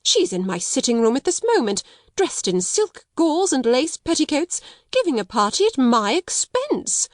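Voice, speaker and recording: A woman reading a storybook voices a stiff, proud middle-aged schoolmistress who talks indignantly in a raised, shrill voice. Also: very animated, normal speed, no room sound, clean studio sound. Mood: shocked, indignant. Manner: indignant, haughty, rising to shrill alarm.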